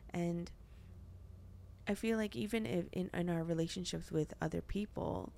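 With a lowish, warm, gravelly voice at a moderate pace, a young woman hosts a podcast about faith. Her talk is earnest and chatty, packed with fillers.

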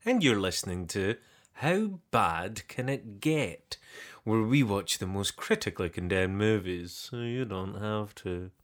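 Man doing posh male announcer, plummy, unhurried, bright tone. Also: on the low side, very animated, exaggerated voice. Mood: grand. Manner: slow, plummy, deliberate delivery.

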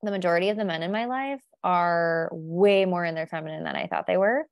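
A woman co-hosting a podcast in loose, candid chat, wandering from thought to thought and laughing as she goes. Her voice sits on the low side, recorded dry and close. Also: sing-song, brisk, dry recording, dull audio. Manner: candid, rambling, laughs often. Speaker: podcast co-host. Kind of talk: casual chat.

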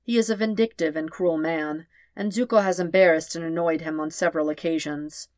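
A woman's voice: deep voice, fairly even intonation, a little fast, no echo, natural voice. Woman voicing a grave, weary old man. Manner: formal, grave, quiet. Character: gentle weary old man, soft-spoken and formal.

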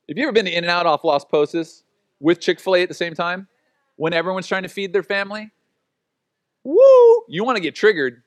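A man's voice: sits high, a bit bright, no echo. A man preaching as a pastor in a casual, conversational way, acting out quotes and laughing at his own stories. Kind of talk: sermon.

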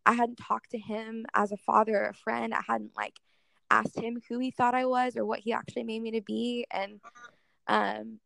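A woman's voice: on the high side, little pitch movement, normal speed, vocal fry, a bit bright, no room sound. A young woman telling a personal faith story in a casual interview, earnest and full of "like" fillers. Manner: earnest, heavy use of "like" as filler. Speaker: guest speaker in worship ministry.

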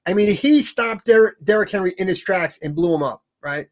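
Brisk and high-sitting, the voice belongs to a sports talk co-host chatting casually and with animation. He keeps tagging points with "right?" and tends to repeat and restart words.

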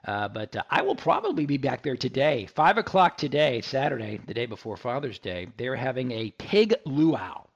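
A man's voice: medium pitch, very animated, moderate pace, creaky, few pauses, highs cut off. A man from Texas hosting a radio tech talk show, chatty and joking, with lots of fillers and restarts.

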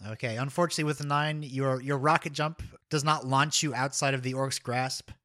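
A man running a tabletop game as game master, narrating with chuckles and halting restarts. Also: mid-range voice, fairly even intonation, sharp tone.

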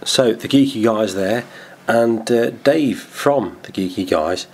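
A man's voice: on the low side, takes it slowly, darkish tone. Chatty, laughing podcast co-host man. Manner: chatty, laughs often, muses aloud. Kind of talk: casual podcast chat.

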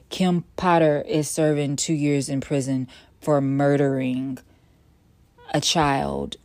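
Low-voiced, blunt, profane woman host. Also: dry recording. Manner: blunt, profane and emphatic, with sudden loud bursts; swings between weary sighs and sassy exclamations. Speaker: podcast host. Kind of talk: casual solo monologue.

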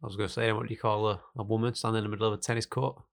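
A man's voice: on the low side, little pitch movement, racing, gravelly. A man co-hosting a casual banter podcast, throwing in dry jokes and asides. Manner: dry quips and joking asides. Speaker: podcast co-host.

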